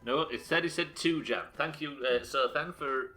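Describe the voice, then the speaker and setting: A man's voice: a little high, normal speed, bright, forceful tone. A man streaming a game live, chatting casually and joking with his chat, with frequent swearing. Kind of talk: casual commentary while playing.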